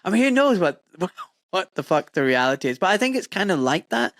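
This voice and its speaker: Animated, swearing British podcast host. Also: male voice, sits high, fairly quick, dry recording, clean studio sound. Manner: animated storyteller, swears freely, acts out voices. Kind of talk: casual conversation.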